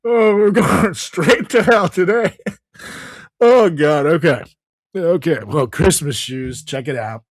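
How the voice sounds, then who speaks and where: A man co-hosting a podcast, with a slightly high voice that keeps breaking into laughter. He riffs loosely in casual chat and swears freely. The mic is close and dry, with no room sound. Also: takes it slowly, no echo. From Latin American background. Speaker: podcast co-host.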